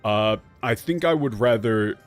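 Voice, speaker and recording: A man streaming a game, giving irreverent, swearing commentary and haltingly translating lines. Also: medium pitch. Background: game music.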